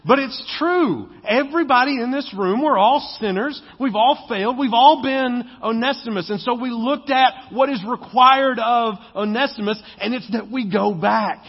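A male pastor with a high, husky voice preaches a conversational sermon, slipping into other voices to act out quotes. The sound is dull and lo-fi, with a long reverb from a church sanctuary. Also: normal speed, few pauses. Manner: conversational and joking, acting out quoted speech.

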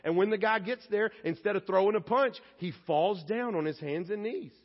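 A male pastor preaching a sermon in an animated, conversational way that sometimes drops to a hushed tone. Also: high-pitched, moderate pace. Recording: echoey hall, dull lo-fi sound.

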